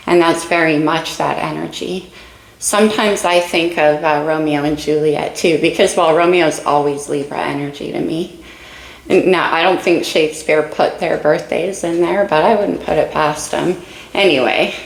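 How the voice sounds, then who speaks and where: Breathy, gravelly tarot reader woman. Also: deep voice, roomy sound, rough recording. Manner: dreamy, musing, talks to viewers directly. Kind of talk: casual spoken tarot reading.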